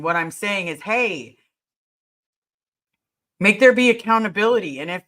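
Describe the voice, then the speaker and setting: A woman's voice: mid-range voice, sharp tone. A woman hosting a casual livestream, answering viewer questions in an earnest, emphatic way and repeating her key words.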